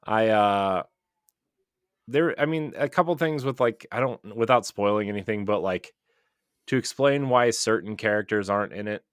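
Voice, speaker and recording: A man with a low voice chats enthusiastically on a podcast, rambling with fillers and restarts. His voice sits close and dry, with no room sound around it. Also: moderate pace, smooth, no room sound. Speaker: podcast co-host. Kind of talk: casual chat.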